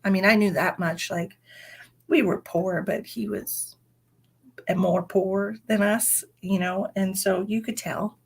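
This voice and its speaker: Husky-voiced woman in her 40s, chatty livestream storytelling, lots of "you know". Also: medium pitch, fairly even intonation, slow. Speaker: psychic medium.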